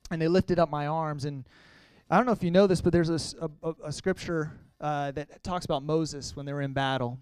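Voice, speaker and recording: A young man sharing a personal testimony with a congregation, talking earnestly and conversationally, sometimes halting with emotion. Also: on the high side, fairly even intonation, a little mellow, smooth, dry recording. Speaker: church speaker sharing testimony.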